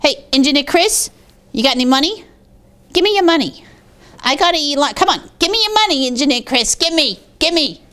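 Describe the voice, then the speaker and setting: A woman's voice: high-pitched, expressive, brisk, fairly bright tone. A woman voicing a rude young schoolboy who bullies others, talking in a pushy, mumbling way. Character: boastful rude young boy, a new bully.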